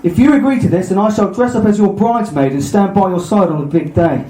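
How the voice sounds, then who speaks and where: A man plays a wily male trickster god who coaxes and bargains in a put-on Cockney accent. His delivery is slow and theatrical, pitched a touch high, with a dark tone. It echoes around a live room. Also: natural voice. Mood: scheming.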